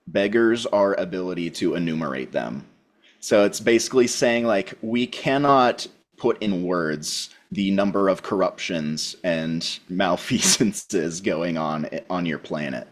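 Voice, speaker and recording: Calm man, deep voice, unhurried, reflective podcast co-host. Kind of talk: casual spiritual podcast chat.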